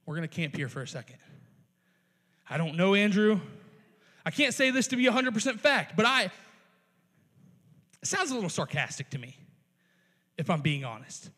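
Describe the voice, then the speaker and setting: A man with a very high voice preaches a sermon, and the sound carries a long reverb off a big church sanctuary. As a youth pastor he talks casually and tosses in playful asides. He often restarts his sentences. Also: very animated, normal speed, long pauses, pushed and bright. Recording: long reverb of a large hall.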